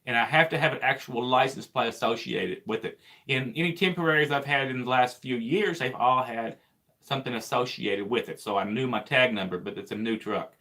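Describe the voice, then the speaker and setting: A man's voice: medium pitch, fairly quick, bright, forceful tone. A man, a trucker co-hosting a casual livestream chat, joking and stumbling over his words. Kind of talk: casual live-stream chat.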